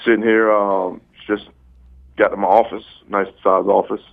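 A man's voice: lowish voice, little pitch movement, moderate pace, vocal fry, dry recording. A man who coaches football, calling in to a sports talk show and trading teasing, slangy banter. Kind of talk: casual sports radio chat. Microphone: phone. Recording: phone line.

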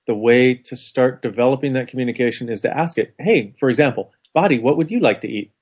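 Animated storytelling man, lo-fi. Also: mid-range voice, fast talker, slightly rough. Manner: animated storytelling, laughs often. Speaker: co-host. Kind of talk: casual conversation. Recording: dull lo-fi sound.

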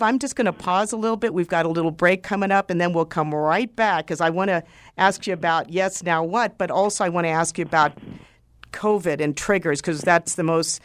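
A woman hosting a talk radio show, talking expressively with frequent rises in pitch. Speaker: talk radio host, doctor.

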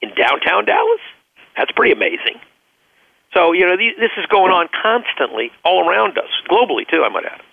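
A man's voice: sits high, huge pitch swings, brisk, creaky, dry recording. A man giving an earnest radio interview over the phone, telling stories and often repeating words as he searches for them. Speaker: interview guest, business leader. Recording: dry, tinny phone line.

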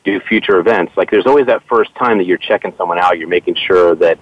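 A man's voice: deep voice, fast talker. A man asking questions in a casual interview, hesitant, with many fillers and restarts. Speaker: interviewer and photographer. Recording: dull lo-fi dry sound.

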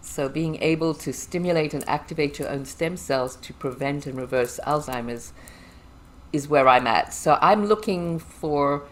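A woman's voice: sits low, normal speed, slight background noise. A woman as an interview guest, talking in an upbeat, promotional way. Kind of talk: casual interview chat.

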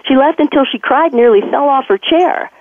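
A woman guest who is a veterinarian and author, telling stories in a lively conversational way, laughing often and acting out what others said. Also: high voice, moderate pace, noisy background. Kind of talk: animated conversational storytelling. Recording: tinny phone line, dry.

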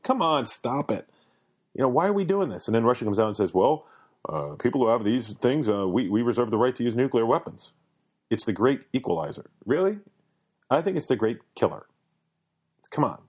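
A man's voice: fairly low pitch, darkish tone. An American man hosting a talk radio show, rambling through a casual monologue with many fillers and restarts. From United States.

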